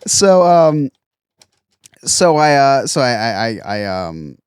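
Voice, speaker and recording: A man's voice: mid-range voice, takes it slowly, clear, resonant tone, no echo, studio quality. A man co-hosting a podcast who tells stories in casual chat, laughing often and restarting his sentences. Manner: animated storytelling, frequent laughter and restarts. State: resting an injured ankle. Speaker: podcast co-host.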